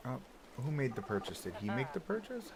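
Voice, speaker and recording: A man's voice: mid-range voice, big pitch swings, a little fast, very noisy. Chatty man thinking aloud while streaming. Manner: chatty, thinking aloud with many "like"s and rhetorical "right?". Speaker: streamer building a theme park. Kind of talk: casual live-stream commentary.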